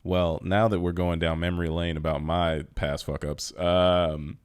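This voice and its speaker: A man's voice: deep voice, little pitch movement, a little slow, clear, resonant tone, no echo, clean studio sound. A man co-hosting a podcast who talks in casual, teasing banter. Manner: teasing, laid-back banter. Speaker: podcast co-host. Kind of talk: casual chat.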